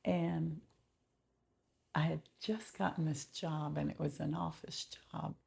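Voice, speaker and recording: Gravelly, husky woman sharing testimony. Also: low-pitched, flat delivery, darkish tone. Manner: slow and heartfelt, often dropping to a whisper. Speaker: testimony vlogger. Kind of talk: personal faith testimony.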